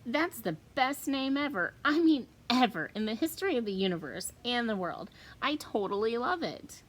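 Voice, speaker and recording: A woman voicing an outspoken young girl who yells eagerly and gushes. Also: a little high, sing-song, moderate pace, voice pushed up. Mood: gushing. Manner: loud, eager yelling. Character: bold, outspoken young girl narrator-heroine.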